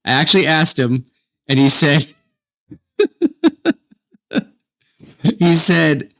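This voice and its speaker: Animated, apologetic podcast co-host man. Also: on the high side, slow, gravelly, long pauses. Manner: apologetic, laughs often, animated. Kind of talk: casual chat.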